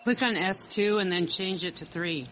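A woman's voice: on the low side, normal speed, a bit bright. A woman co-hosting a casual online chat, rambling and searching for words. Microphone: online audio chat. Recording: noisy online call audio.

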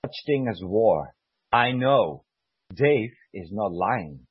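A man's voice: fairly low pitch, expressive, takes it slowly, breathy edge, dry recording. A man who served as an army sergeant, talking heatedly and emotionally, swearing and repeating himself to press his point. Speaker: former army sergeant, guest. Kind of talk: heated conversational rant. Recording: dull lo-fi sound.

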